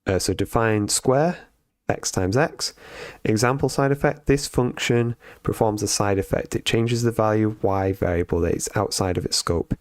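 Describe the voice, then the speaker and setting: A man on a live stream reading programming lessons aloud and thinking out loud as he codes, with frequent ums and restarts. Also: fairly low pitch, moderate pace, dry recording, clean studio sound. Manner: thinks aloud with many fillers and self-corrections. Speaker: streamer learning to code.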